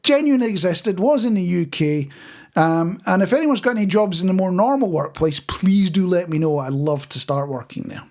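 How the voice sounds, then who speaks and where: A man's voice: high-pitched, expressive, moderate pace, darkish tone. A man co-hosting a casual podcast, telling stories with chuckles and restarts. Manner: chatty storyteller, frequent restarts and chuckles. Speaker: podcast co-host. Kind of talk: casual chat.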